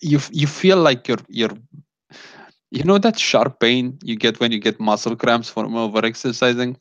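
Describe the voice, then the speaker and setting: A man's voice: medium pitch, moderate pace, fairly bright tone, no room sound, rough recording. A man narrating as game master of a tabletop game, describing scenes with frequent fillers.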